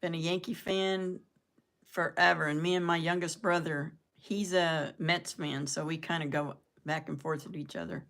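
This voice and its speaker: Older woman, low pitch, rambling casual live-chat host who laughs at her own jokes. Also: steady tone, normal speed, a bit bright. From southern United States. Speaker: live-stream host chatting with viewers.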